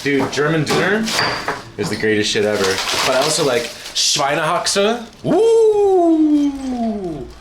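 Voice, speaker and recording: A man streaming from home, chatting casually, excitable and profane, rambling from one thing to the next. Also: a little high, normal speed, reverberant, noisy background. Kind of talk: casual livestream chat.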